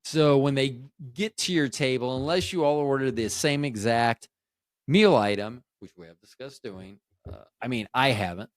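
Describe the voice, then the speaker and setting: Podcast host, man in his fifties, rambling and self-interrupting, jokey, mid-pitched, dry close sound. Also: moderate pace, no room sound. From Tampa Bay, Florida, USA. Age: 50s. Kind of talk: casual solo chat.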